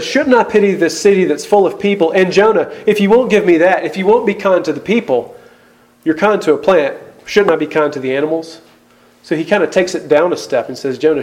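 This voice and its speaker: A man's voice: on the high side, a little mellow. A man, a pastor, preaching an earnest sermon full of questions and emphatic rises.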